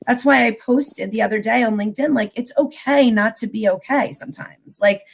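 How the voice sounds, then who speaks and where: A woman's voice: on the high side, fairly quick, slightly rough. A woman guest in a casual chat, talking openly and rambling through thoughts. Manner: open, rambling, with many fillers and restarts.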